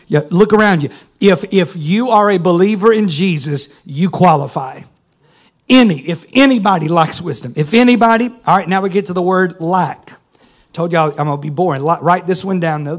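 Man, preaching, folksy, calls out to the congregation, higher-pitched voice. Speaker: pastor. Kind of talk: sermon. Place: church sanctuary.

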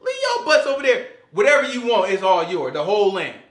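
A man preaching an informal sermon in slangy, animated talk, acting out voices as he goes. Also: high voice, fairly quick. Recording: echoey room.

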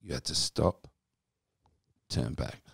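Speaking at a slow pace, a British man in his fifties who used to play football recounts his story as a podcast guest, animatedly voicing what others said. The storytelling interview is recorded clean, studio-style, with no echo.

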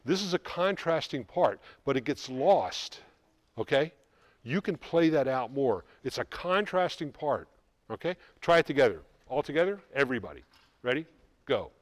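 A man coaching a high school band in rehearsal, giving quick instructions and singing rhythms to show how they go. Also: big pitch swings. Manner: brisk, sings rhythms to demonstrate. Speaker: band clinician. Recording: music in the background. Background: band playing.

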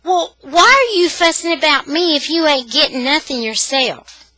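A woman's voice: a little high, very animated, takes it slowly, bright, forceful tone, slightly rough, pitched above the performer's own voice, full character voice. A woman reading a storybook aloud and voicing a stubborn, sassy little girl with a whiny drawl.

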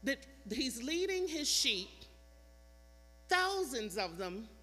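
Bright-voiced woman preaching in a reverberant church. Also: sits high, sing-song. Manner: emphatic preaching with dramatic pauses and repetition. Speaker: pastor. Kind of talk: sermon. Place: church sanctuary. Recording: church hall reverb, mains hum.

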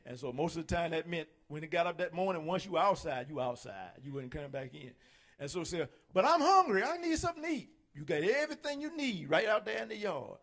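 A male pastor preaching a sermon, folksy and animated, acting out the voices he quotes. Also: on the high side, a little fast.

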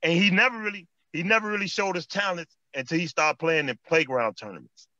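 Animated Chicago man telling street stories. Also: fairly high pitch, a little fast, no echo, dull audio. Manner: animated street storytelling, repeats phrases and says "man" often. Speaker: former basketball player, guest. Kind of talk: storytelling interview chat.

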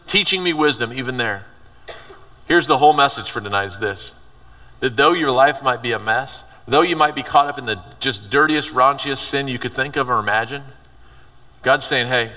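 A man gives a youth sermon in a casual, conversational way, reading a passage and then retelling it in everyday words. His voice is bright and forceful. It is heard from some distance in a big hall with a long echo. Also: mid-range voice, a little fast. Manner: conversational, reads scripture aloud and paraphrases it. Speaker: youth pastor. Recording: reverberant hall, voice from afar.

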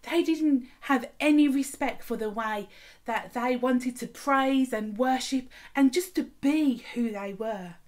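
A woman vicar telling a story and leading a school assembly in an expressive storytelling manner. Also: fairly high pitch.

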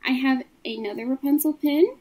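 A woman's voice: high-pitched, moderate pace, a little mellow, slightly rough, low-quality recording. A woman casually showing her collection, describing each item in a matter-of-fact way. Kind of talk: casual show-and-tell of a collection.

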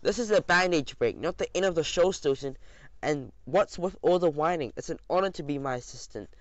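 A man's voice: mid-range voice, animated, moderate pace, fairly bright tone, dry recording, close to an everyday voice. A man voicing a brash male mouse karate showman who scolds and orders others around. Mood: scolding. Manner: bossy, scolding. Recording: dull lo-fi recording.

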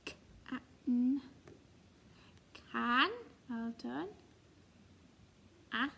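Slow, high-voiced woman teaching phonics. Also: slight background noise. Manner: slow, sing-song, encouraging, sounding out letters. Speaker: reception class teacher. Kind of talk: recorded phonics lesson for young children.

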